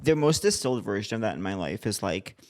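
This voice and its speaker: A man's voice: fairly low pitch, very animated, no room sound, clean studio sound. A man co-hosting a comedy podcast, telling stories in a chatty, self-mocking way. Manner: chatty storytelling, quick self-mocking asides. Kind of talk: casual chat.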